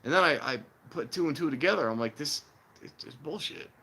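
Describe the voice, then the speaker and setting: A man hosting a casual trainspotting stream, rambling and animated, acting out the voices of people he quotes. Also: a little high, quick pace, husky. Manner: warns viewers against scams. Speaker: railfan livestream host. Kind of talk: casual chat while filming trains.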